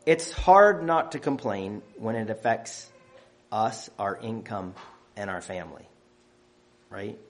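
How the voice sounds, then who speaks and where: A man's voice: on the low side, expressive, slow pace, pauses often, slight background noise. A man preaching a sermon, counting off numbered points with emphatic stress on key phrases.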